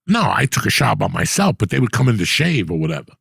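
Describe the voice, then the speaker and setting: Gruff middle-aged guy rambling crude stories, raspy and gravelly, dead dry mic. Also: lowish voice, big pitch swings, quick pace, fairly bright tone, no room sound. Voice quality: gravelly, husky. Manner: profane, blunt, rambling storyteller. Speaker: podcast host. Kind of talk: casual chat, storytelling.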